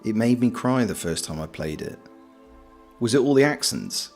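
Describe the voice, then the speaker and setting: A man's voice: medium pitch, lively intonation, normal speed, darkish tone, soft background music. A British man streaming, chatting casually and reading out viewer comments in a joking, self-deprecating, rambling way. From Britain.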